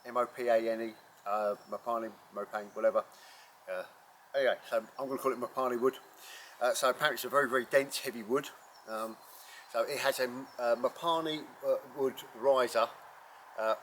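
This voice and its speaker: A man hosting an archery channel, talking casually and rambling with many ums and self-corrections while reviewing a bow outdoors in bright sun. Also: medium pitch, slight background noise. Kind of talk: casual unscripted gear review.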